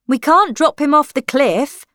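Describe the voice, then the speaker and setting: A woman's voice: high-pitched, lively intonation, measured pace, fairly bright tone, no echo, clean studio sound, pitched above the performer's own voice. A woman voicing an earnest teenage boy. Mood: worried.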